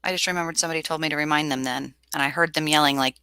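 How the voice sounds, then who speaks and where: A woman's voice: low voice, fast, clean tone, no echo. A woman hosting a casual tarot livestream, chatting animatedly, laughing and reading viewers' comments aloud. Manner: animated, reads chat aloud, laughs often.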